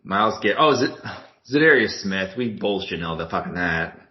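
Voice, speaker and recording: A man's voice: low-pitched, expressive, a little fast. A man co-hosting a casual sports podcast, swearing, laughing a lot and fumbling for names. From Milwaukee. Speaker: podcast co-host. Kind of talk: casual chat. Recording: dull lo-fi podcast audio.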